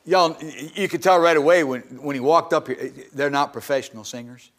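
A middle-aged man gives a sermon testimony from the pulpit of a church. His voice sits slightly high for a man, and he talks in a folksy, conversational way, often pausing to ask for an amen. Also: a bit bright. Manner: folksy, calls for amens. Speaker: preacher.

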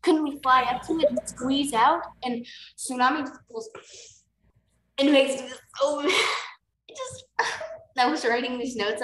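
A woman's voice: a little high, a bit bright, slight background noise. A woman co-hosting a podcast, casually retelling book scenes and quoting the characters with "like". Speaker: podcast co-host. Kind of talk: casual book recap chat. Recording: echoey room.

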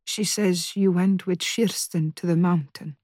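A woman voicing a grieving, drunk older mother who speaks in a low, thick voice through tears. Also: steady tone, unhurried, a little mellow, no echo, studio quality. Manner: sobbing, breaking off mid-sentence. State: crying. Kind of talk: audiobook character voice.

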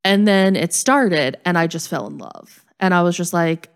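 A woman's voice: on the low side, expressive, normal speed, hardly any pauses, clean tone. Woman telling a self-mocking story. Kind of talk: casual storytelling chat.

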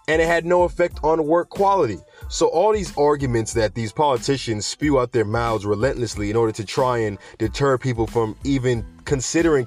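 Man, news host, casual ranting commentary, slangy, animated, digressive, middling pitch. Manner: animated, digressive, slangy, addresses viewers directly. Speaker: host of a cannabis news show.

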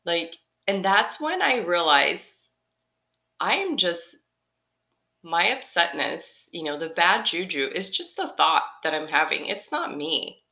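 A woman's voice: lowish voice, big pitch swings, slow, creaky, pushed and bright. A woman hosting a solo motivational podcast, upbeat and encouraging, repeating her key phrases. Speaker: podcast host.

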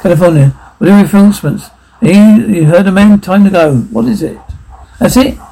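A man performing a one-man audio drama, voicing every role and switching between clipped military voices and plain talk, with a gravelly voice. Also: high voice, expressive, moderate pace, warm tone, rough recording.

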